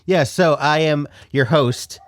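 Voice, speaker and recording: A man's voice: a little high, takes it slowly, no room sound. Guy running a superhero rpg, dry close mic, jokey and fed up with his players. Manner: joking, exasperated, playing the non-player characters. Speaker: game master. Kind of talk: narrating a superhero tabletop game.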